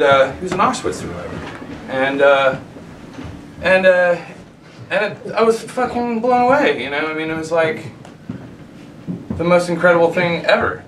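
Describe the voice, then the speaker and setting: A man telling a personal story live on stage, rambling and halting, with restarts and swearing. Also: mid-range voice. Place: live venue with an audience. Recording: roomy, distant live recording with noise.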